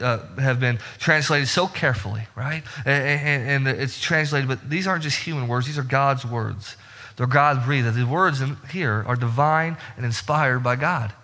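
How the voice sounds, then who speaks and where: A man preaching a sermon as pastor, emphatic and repetitive, climbing higher in pitch as he presses his points. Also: bright, forceful tone. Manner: emphatic, repeats words and restarts, rises in pitch when stressing points. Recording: long reverb of a hall.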